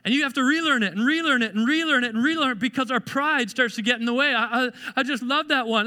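A man's voice: very high-pitched, fast, few pauses, bright, forceful tone. A man preaching a sermon in a conversational, self-deprecating way, acting out mock apologies. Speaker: pastor. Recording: long hall reverb.

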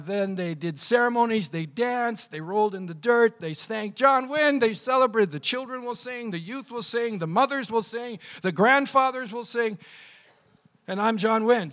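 A pastor preaching with animated storytelling, acting out every quote. His voice sits high for a man. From Canada. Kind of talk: sermon.

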